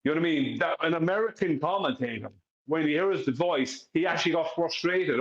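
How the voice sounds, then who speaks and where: A man's voice: fairly high pitch, a little fast. An Irish man chatting on a live stream, emphatic and repetitive, often asking if you follow him. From Ireland. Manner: emphatic, repeats himself, keeps asking "you know what I mean". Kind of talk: casual live-stream chat. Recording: echoey, dull lo-fi audio.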